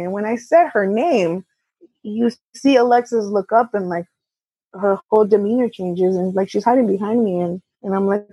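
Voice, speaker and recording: A woman co-owner of a repair shop telling a personal story as a podcast guest, candid and halting, often quoting others. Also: medium pitch, darkish tone, slightly rough, no echo, dull audio. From California. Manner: candid, halting with restarts, quotes others in dialogue. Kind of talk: conversational storytelling.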